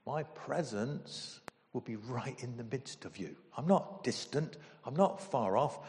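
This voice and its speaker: A man preaching a sermon as pastor, emotional and animated, with sudden loud bursts. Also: medium pitch, unhurried, in a large hall.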